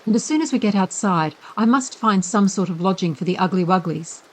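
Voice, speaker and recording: A woman's voice: medium pitch, fairly quick, a little mellow, natural voice, low-quality recording. A woman voicing a brave schoolboy who puts on a resolute, falsely jolly manner. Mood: forced cheer. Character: brave cheerful schoolboy hero.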